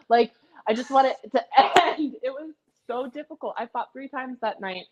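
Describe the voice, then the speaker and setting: A woman's voice: a little high, lively intonation, a little fast, noisy background. A young adult woman guest on a casual podcast, talking energetically and acting out quotes as she tells a story. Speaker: guest, pillow fighter.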